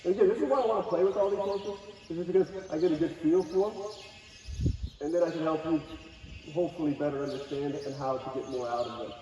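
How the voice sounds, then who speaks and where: A man teaching a live horse-training clinic, talking in a calm, coaxing way to both the horse and the watching group. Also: on the high side, quick pace, slight background noise. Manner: calm, coaxing, talks to horse and audience in turns. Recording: distant, echoey, dull outdoor recording.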